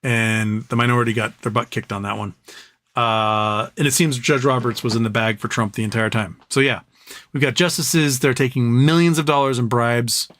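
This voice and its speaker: A man's voice: medium pitch, steady tone, moderate pace, a bit bright. Blunt, rambling man in his forties. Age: 40s. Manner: rambling, blunt and opinionated, with frequent fillers and restarts. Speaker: livestream host reading viewer questions. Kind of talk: casual live-stream chat.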